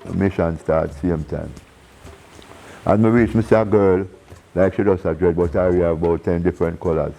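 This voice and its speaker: A man with a Jamaican accent, a reggae singer telling stories in a casual interview. He is animated, acting out the voices of people in his stories and laughing often. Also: sits low, moderate pace, vocal fry, faint music behind, low-quality recording. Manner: animated storyteller who acts out quoted voices and laughs often.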